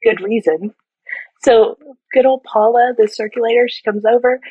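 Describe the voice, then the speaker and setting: A middle-aged woman, a surgical technologist and educator, telling stories in a podcast interview in a lively way, laughing and acting out quotes. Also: fairly high pitch, normal speed, slightly rough, highs cut off. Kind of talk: animated storytelling in a podcast interview.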